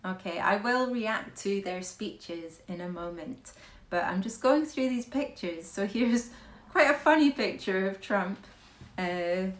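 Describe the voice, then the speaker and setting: Woman, reaction host, slow chatty delivery, gushing, echoey room. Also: medium pitch, lively intonation. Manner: chatty, gushing, laughs often. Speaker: royal news reaction host. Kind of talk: casual reaction commentary.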